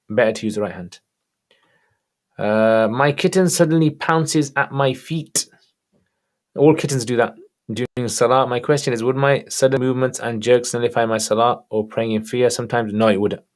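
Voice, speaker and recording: Reading viewer questions aloud one by one, a man responds to religious queries during a livestream. His tone is easygoing and casual, and his voice falls in the mid range.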